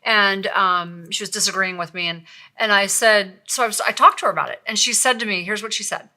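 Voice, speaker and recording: A middle-aged woman co-hosting a podcast, telling stories in a lively, animated way. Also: mid-range voice, fairly quick. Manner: lively storyteller, animated when quoting. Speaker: podcast co-host, nurse. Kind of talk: casual podcast conversation.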